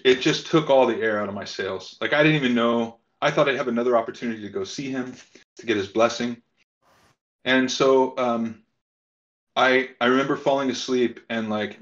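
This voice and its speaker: Man, mid-pitched, halting storyteller with many fillers, slightly dull lo-fi audio. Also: a bit bright. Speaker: podcast guest. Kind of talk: casual storytelling.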